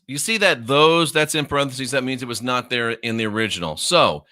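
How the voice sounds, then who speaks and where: A man's voice: mid-range voice, lively intonation, normal speed, hardly any pauses, sharp tone. A man teaching scripture in a combative, mocking way, hammering points with emphatic repetition. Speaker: minister. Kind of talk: confrontational Bible teaching.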